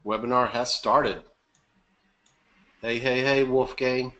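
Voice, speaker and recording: A man's voice: mid-range voice, steady tone, slow pace, a bit bright, highs cut off. A man hosting a live webinar, chatty and upbeat, greeting attendees by name and joking. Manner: upbeat, chatty, reading names aloud and joking. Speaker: webinar host.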